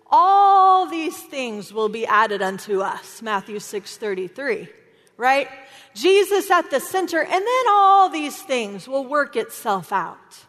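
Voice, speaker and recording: Woman giving a sermon, high pitched, chatty, keeps saying right?, echoey big hall. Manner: animated, conversational, keeps asking "right?". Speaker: preacher. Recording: long hall reverb.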